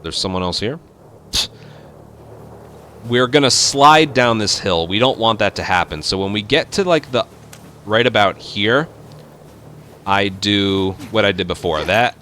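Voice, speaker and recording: Brief: relaxed male gaming host, lowish bright voice, talks viewers through a run step by step. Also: a little slow, pauses often, slight background noise. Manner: relaxed, explaining step by step with fillers. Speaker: speedrun tutorial host. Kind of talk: casual game commentary.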